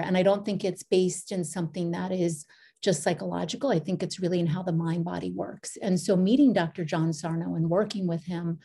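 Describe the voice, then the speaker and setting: A middle-aged woman, a podcast guest, telling her story in a meandering, casual way with restarts and lively quoted asides. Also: fairly low pitch, breathy edge.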